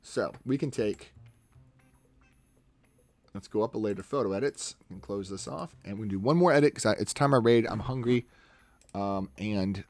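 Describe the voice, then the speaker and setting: A man's voice: fairly low pitch, a little mellow. A man chatting casually on a live stream as he edits photos and talks himself through each step.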